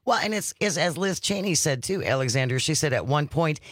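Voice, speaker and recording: A man's voice: on the high side, lively intonation, a little fast, dry recording, studio quality. A man co-hosting a radio interview, adding emphatic remarks.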